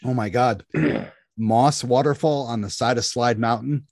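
A man's voice: mid-range voice, unhurried, gravelly, dry recording, clean studio sound. A man co-hosting a casual chat, telling an outdoor story with energy and acting out what people said. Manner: animated, acts out dialogue in anecdotes.

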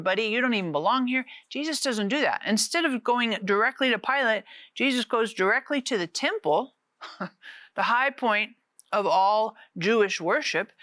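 A woman preaching a casual, conversational sermon, animated and often repeating words. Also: fairly high pitch, no echo.

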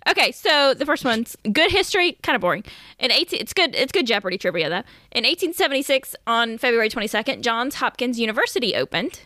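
Lively bright-voiced woman podcast host. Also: fairly high pitch, fast talker, no room sound. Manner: animated, laughs often, playful. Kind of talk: casual chat.

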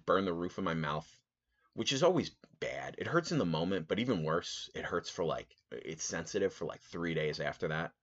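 A man hosting a podcast, telling a rambling, animated story in a casual monologue full of fillers. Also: low voice, lo-fi sound. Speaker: podcast host.

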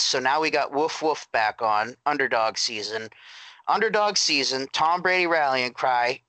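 A man's voice: medium pitch, normal speed, sharp tone, no echo, rough recording. A man co-hosting a sports podcast, building his argument with rhetorical questions. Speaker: podcast co-host. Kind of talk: casual sports podcast chat.

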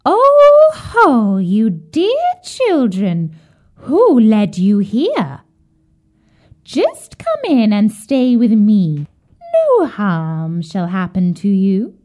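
A woman's voice: medium pitch, huge pitch swings, extremely slow, a little mellow, exaggerated voice. A woman voicing a wicked old witch who eats children, jeering and bossy. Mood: falsely sweet.

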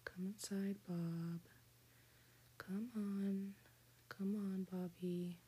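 A woman's voice: medium pitch, flat delivery, very slow, mellow, heavily acted. A woman whispering the part of a coaxing middle-aged mother in a whispered role-play. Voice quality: breathy whisper.

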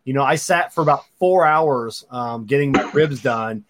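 A man's voice: medium pitch, normal speed, fairly bright tone, a little hiss or hum. A man telling a story in casual chat, repeating his first words as he stammers into sentences.

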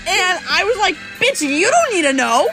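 A young woman telling a story in casual chat, animated and swearing as she talks. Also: extremely high pitch, moderate pace, over music. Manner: animated, swearing, laughing often.

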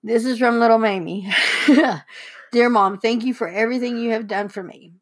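A young woman co-hosting alongside a parent, as the daughter, reads heartfelt letters aloud and fights back tears. Her voice is on the high side, her pace moderate, and her reading tearful and emotional.

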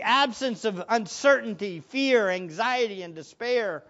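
A man preaching as pastor, swinging between loud excited exclamations and hushed prayer, often laughing and asking the listeners questions. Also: high voice, slow, pauses often, highs cut off. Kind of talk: sermon.

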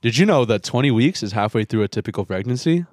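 A young man co-hosting a casual podcast, dropping crude jokes in a dry, deadpan way. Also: medium pitch, quick pace, no echo. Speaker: podcast co-host. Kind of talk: casual chat.

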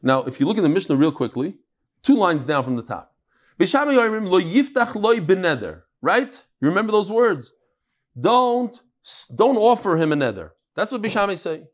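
This is a man leading an animated Talmud lesson. His voice sits a little on the high side. He keeps weaving in Hebrew terms and repeating words for emphasis. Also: normal speed. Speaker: Talmud teacher. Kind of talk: animated Talmud class with storytelling.

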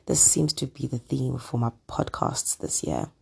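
A podcast host chatting casually on their own, hoarse from a throat illness, rambling with lots of ums and asides. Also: mid-range voice, lively intonation, unhurried. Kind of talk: casual solo podcast chat. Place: at home.

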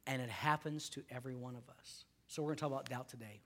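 A man's voice: mid-range voice, fairly quick, fairly bright tone. A man, a pastor, preaching a sermon to a congregation, joking and conversational, then emphatic.

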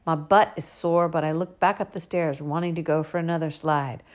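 A woman reading a first-person storybook aloud, giving the young girl narrator a lively voice. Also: deep voice, normal speed. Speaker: audiobook narrator.

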